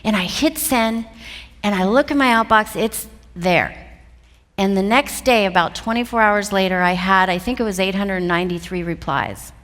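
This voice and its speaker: A middle-aged woman telling a personal story from a seminar stage, animated and expressive. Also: medium pitch, moderate pace. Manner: animated, expressive, often laughing. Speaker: seminar speaker. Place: event hall. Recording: long hall reverb.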